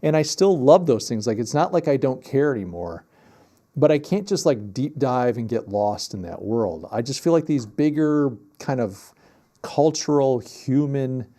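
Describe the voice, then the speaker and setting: A man's voice: mid-range voice, expressive, measured pace, dark tone. A man in his fifties hosting a livestream, chatting casually and thinking aloud in a reflective, rambling way from his home office. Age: 50s. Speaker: livestream host.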